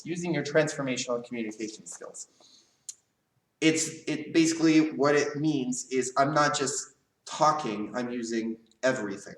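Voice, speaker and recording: A man teaching a live leadership class for a karate school, in a casual coaching tone with a steady stream of "right?" checks. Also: mid-range voice. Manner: casual coaching tone, asks "right?" often, varies volume. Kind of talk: live online class lecture. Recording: echoey room, voice a bit far from the mic.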